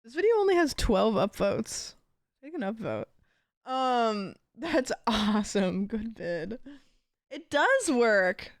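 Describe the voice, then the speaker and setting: A woman's voice: a little high, animated, slow, darkish tone, no echo, clean studio sound. A woman streamer chatting casually, telling rambling stories full of fillers and giggles. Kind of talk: casual chat.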